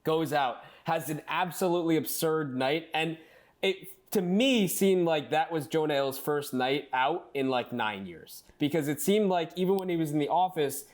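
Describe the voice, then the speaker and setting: Animated young man, higher-pitched voice. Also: normal speed. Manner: animated, acts out quotes in character voices. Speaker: podcast co-host. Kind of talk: casual movie discussion.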